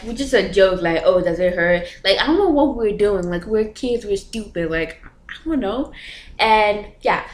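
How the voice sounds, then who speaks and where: A young woman vlogger telling a story in a casual, chatty way, full of filler words and nervous laughs. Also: medium pitch. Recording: echoey room.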